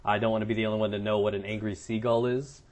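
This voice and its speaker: A man's voice: fairly low pitch, level tone, racing. A young man doing casual gameplay commentary, telling crude stories in a joking, rambling way and swearing a lot. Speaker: gaming commentator and streamer.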